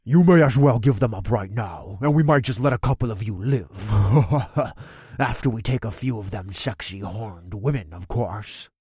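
A man's voice: lowish voice, measured pace, darkish tone, slightly rough, dry recording, studio quality. A man doing a leering crude orc captain. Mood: mocking.

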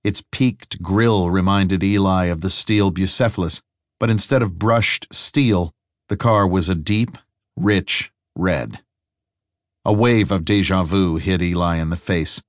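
Man narrating an audiobook, low steady voice, dry close mic. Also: dry recording. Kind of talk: scripted narration.

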